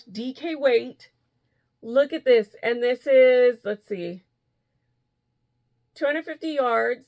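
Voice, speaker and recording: Excited woman with a gravelly voice. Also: high voice, slow pace, pauses often. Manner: excited, gushing, laughs often. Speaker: yarn vlogger. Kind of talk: casual chat to camera.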